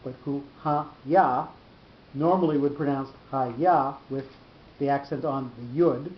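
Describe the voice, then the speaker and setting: Halting male teacher, echoey room. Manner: halting, many restarts and fillers, slows to spell out terms. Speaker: Torah teacher. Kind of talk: study-session explanation. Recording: dull echoey room with faint rumble.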